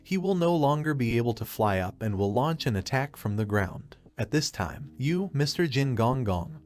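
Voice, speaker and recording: A man's voice: medium pitch, very animated, moderate pace, darkish tone, close to an everyday voice. A man voicing a scheming male lizardman player in a game, eagerly laying out plans at length.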